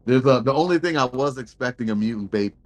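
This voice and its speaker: A man's voice: mid-range voice, lively intonation, fast. A man co-hosting a podcast, chatting about a horror film in slangy casual speech, laughing and mimicking characters. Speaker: podcast co-host. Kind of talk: casual film review chat.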